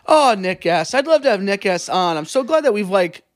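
Animated, swearing podcast co-host man. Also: high-pitched, normal speed, dry recording, studio quality. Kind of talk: casual podcast chat.

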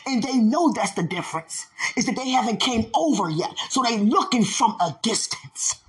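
Woman preacher, high husky voice, repeats herself and builds up to pleading. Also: lively intonation, moderate pace. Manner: repetitive, rising into impassioned pleading. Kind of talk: sermon.

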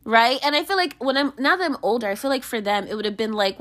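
A woman's voice: fast, hardly any pauses, fairly bright tone. A young woman in a candid monologue, rambling with many fillers and restarts, swearing and venting with emotion. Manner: emotional, pitch swinging widely.

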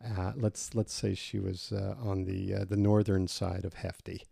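A man's voice: sits low, level tone, a little slow, gravelly, dark tone, husky, no echo. A man co-hosting a podcast in casual chat, telling stories with plenty of swearing and laughter. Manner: swearing, storytelling, laughs easily. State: recovering from a cold. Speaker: podcast co-host.

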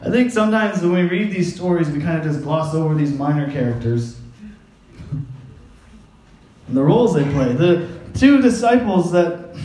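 A man with a high-pitched voice preaching a sermon in a casual, joking tone, often laughing and slipping into quick voices for the people he talks about. His voice rings around a roomy, echoing space. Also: a little mellow. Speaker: pastor.

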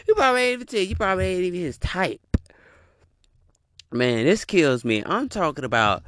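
A man's voice: high-pitched, expressive, brisk, pauses often, fairly bright tone, dry recording, studio quality. A man giving a heated, profane reaction rant, repeating his punchlines. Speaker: commentator reacting to a video.

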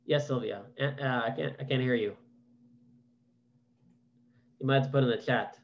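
A man's voice: medium pitch, normal speed, dull audio, slight background noise. A man teaching a Torah class over a video call, reading verses aloud and then asking questions in a casual, conversational way. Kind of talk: online Bible class with casual commentary.

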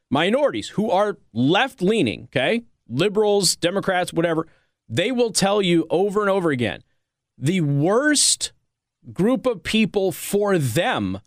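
A man's voice: fairly high pitch, no room sound, clean studio sound. A man hosting a commentary show, talking casually with a sarcastic, rambling manner and frequent restarts. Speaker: political commentary host.

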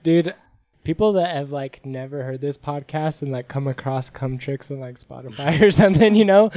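A man's voice: a little high, moderate pace. A man co-hosting a podcast, swearing and laughing through casual chat. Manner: laughing, profane, animated. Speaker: podcast co-host.

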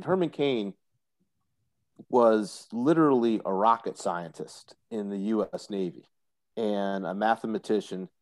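Low-voiced man, chatty podcast guest. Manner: talkative, explanatory, opinionated. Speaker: guest commentator. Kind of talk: casual podcast chat.

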